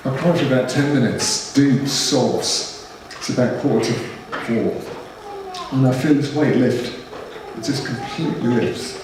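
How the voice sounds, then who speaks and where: A man's voice: mid-range voice, fairly even intonation, unhurried. A middle-aged man, earnestly telling a personal testimony to a church gathering. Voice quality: earnest, emotional storytelling. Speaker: speaker. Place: large echoey church hall. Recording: echoey hall, distant mic, noisy.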